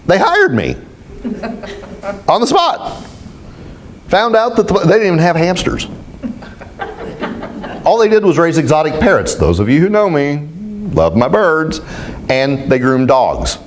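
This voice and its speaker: A man speaking as a spiritual teacher, telling stories to a group in an animated, self-mocking way. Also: on the high side, a little slow, long pauses, a little hiss or hum. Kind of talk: storytelling talk to a group.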